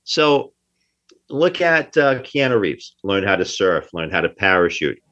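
A man's voice: lowish voice, very animated, a little slow, a bit bright, slight background noise. A man from New Jersey, an actor being interviewed, talking emphatically and often repeating himself. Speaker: actor guest. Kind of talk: casual interview talk. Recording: dull lo-fi sound.

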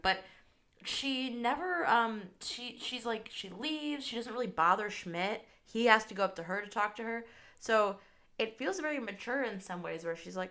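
A woman co-hosting a podcast in casual chat, animated and opinionated, acting out quotes. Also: mid-range voice, moderate pace. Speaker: podcast co-host.

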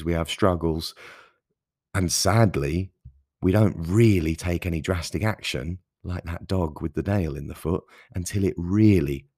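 A man's voice: sits low, a little mellow, no room sound, clean studio sound. A man hosting his own podcast, talking earnestly and passionately in a solo monologue, with emphatic stresses and frequent restarts. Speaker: podcast host.

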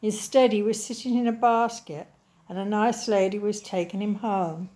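A woman reading a children's story aloud in a slow, gentle, clearly enunciated way. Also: mid-range voice, steady tone.

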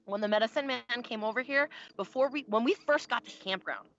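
A woman's voice: fairly high pitch, a little fast, a bit bright, lo-fi sound, a little hiss or hum. A woman telling a spiritual story in a loose, rambling way, cursing freely and often restarting her sentences. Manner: profane, rambling, self-interrupting. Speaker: guest sharing a spiritual experience. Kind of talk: casual storytelling.

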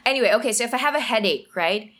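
A woman's voice: on the high side, very fast. A young woman, co-hosting a casual chat and switching between languages. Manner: code-switching, animated, laughs easily. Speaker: podcast co-host.

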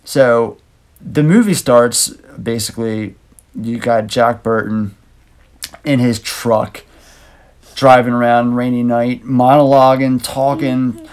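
A man's voice: mid-range voice, fairly even intonation, takes it slowly, darkish tone, smooth. A man co-hosting a casual movie review podcast, talking in a loose, rambling, laid-back way. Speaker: podcast co-host.

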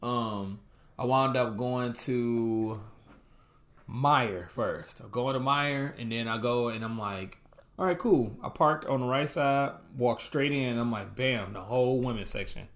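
A young man telling a casual story in a middle-pitched voice. He acts out his own reactions and quotes people as he goes. The talk is loose and conversational. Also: unhurried, a bit bright. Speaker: co-host, husband.

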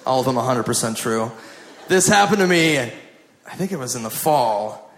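A man's voice: mid-range voice, animated, moderate pace, echoey room. A male stand-up comedian telling a story on stage in a rambling, profane way, full of "like", recorded live with a laughing crowd.

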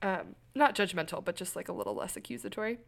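A woman's voice: fairly low pitch, fast, creaky. Candid young woman podcast co-host. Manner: candid, animated storytelling with laughs. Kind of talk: casual chat.

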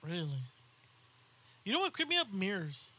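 A man chatting in excited, profane podcast banter. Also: high voice, moderate pace. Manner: excitable, swearing. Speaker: podcast co-host. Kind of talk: casual chat.

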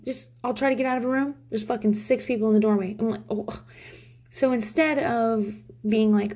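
A woman's voice: mid-range voice, normal speed, darkish tone. A woman in her thirties talking casually to camera as a parent, candid and profane, rambling with lots of fillers. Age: 30s. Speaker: parent vlogger.

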